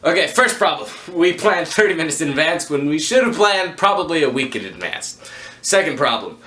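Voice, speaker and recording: A man vlogging a rambling storytime to camera, joking at his own expense with quick asides. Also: a little high, big pitch swings, sharp tone, a little hiss or hum. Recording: echoey room.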